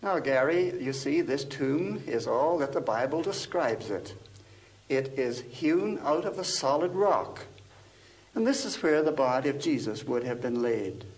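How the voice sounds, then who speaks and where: A man's voice: medium pitch, animated, unhurried, husky, low-quality recording. A man guiding a tour, speaking earnestly on scripture and explaining it to a child. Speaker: tour guide. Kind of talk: guided tour talk on scripture.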